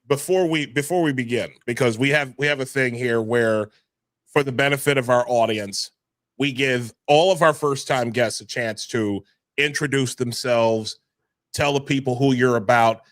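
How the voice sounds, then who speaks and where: A man's voice: mid-range voice, normal speed, a bit bright, dry recording. A man hosting a podcast in a casual way, stammering and restarting his sentences often. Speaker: podcast host.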